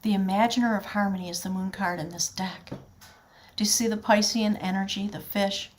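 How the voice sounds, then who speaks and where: Speaking a little quickly in a medium, steady voice, a woman gives a spiritual tarot reading straight to the viewer. Her delivery is earnest, flowing, and heartfelt, and now and then she gets choked up with emotion.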